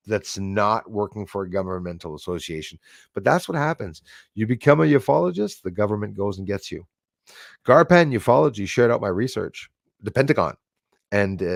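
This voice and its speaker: Chuckling, restarting and filling gaps as he goes, a middle-aged man from Canada chats loosely with his livestream audience and reads their comments. His voice sits on the low side and sounds gravelly, recorded at studio quality with no echo.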